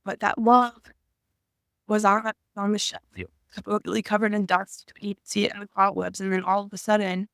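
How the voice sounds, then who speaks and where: A woman in her thirties talking to camera about her own past, halting and emotional, often searching for words. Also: medium pitch, little pitch movement, creaky, smooth, no echo, clean studio sound. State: tearful at times. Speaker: vlogger. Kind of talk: personal reflective talk to camera.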